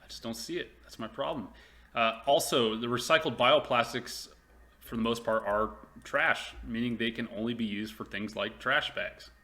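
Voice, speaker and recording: A man's voice: mid-range voice, moderate pace, pushed and bright. A man hosting a casual stock commentary video, chatty and rambling with lots of fillers and restarts. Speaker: stock investing video host.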